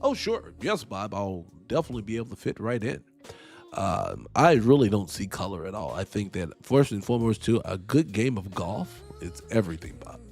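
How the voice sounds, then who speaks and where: A man's voice: lowish voice, big pitch swings, moderate pace, a little mellow, soft background music, voice pushed down. A man voicing an eager male job applicant who overdoes his agreeableness, in a sarcastic way. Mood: mock agreeable.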